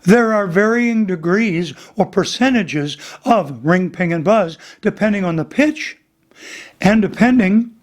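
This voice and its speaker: High-voiced older male vocal coach. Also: measured pace. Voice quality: voice he says is damaged. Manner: animated, breaks into singing demonstrations. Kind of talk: casual teaching interview with sung examples.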